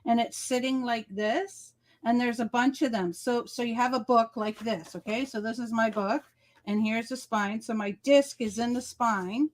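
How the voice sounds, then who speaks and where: A woman with a slightly high, steady voice co-hosts a crafting livestream by video call, speaking at normal speed. It's casual chat, with step-by-step explanations and repeated checks of "okay?"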